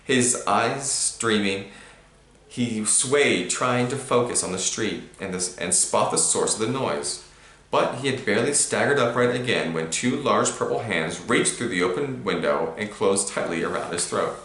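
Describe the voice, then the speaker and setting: A man reading a storybook aloud to a child, with animated emphasis. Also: lowish voice, unhurried. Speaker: reader to a child. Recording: roomy echo.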